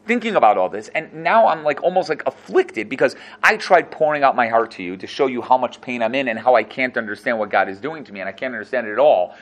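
A man teaching a class on a scripture text. He reads Hebrew verses aloud and then explains each one in quick, lively English. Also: mid-range voice. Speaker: Torah teacher. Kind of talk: animated text-study class.

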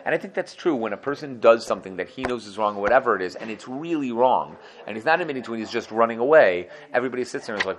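A man, a yeshiva teacher, giving a casual Torah lesson, quick and conversational, acting out students' excuses and laughing at his own jokes. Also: mid-range voice, expressive.

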